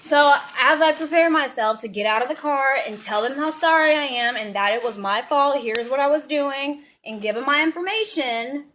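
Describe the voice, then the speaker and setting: Bright-voiced, foul-mouthed woman vlogger. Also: sits high, normal speed, hardly any pauses, a little hiss or hum. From Dallas, Texas. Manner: profane, animated storytelling. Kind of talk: storytime vlog.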